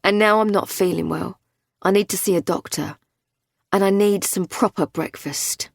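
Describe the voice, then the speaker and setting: A woman's voice: medium pitch, moderate pace, vocal fry, dry recording, clean studio sound. A woman reading the part of a defiant young man being questioned, prickly and scornful. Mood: sulky.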